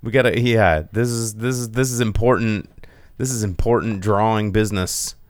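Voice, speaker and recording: A man's voice: lowish voice, normal speed, no echo, studio quality. A young man hosting a podcast, ranting sarcastically in casual chat and swearing freely. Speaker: podcast host.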